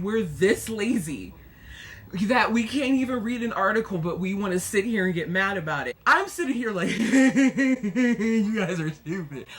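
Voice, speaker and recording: Excitable young woman vlogging with dark humor. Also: a little hiss or hum. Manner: animated and excitable, with laughter and sudden high bursts; self-deprecating, with a dark sense of humor. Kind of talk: casual commentary vlog.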